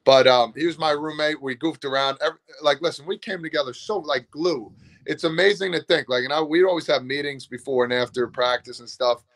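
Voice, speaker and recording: A man in his thirties, a former ballplayer, telling lively stories in a casual interview and acting out what he said to teammates. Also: on the high side, fairly quick. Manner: animated, acts out pep talks. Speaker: former baseball player, guest.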